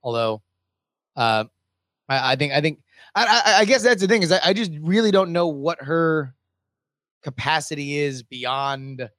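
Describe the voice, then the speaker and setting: A man's voice: on the high side, expressive, unhurried, long pauses, fairly bright tone, no echo. A man co-hosting a casual movie chat, rambling with lots of fillers and restarts. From United States. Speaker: podcast co-host.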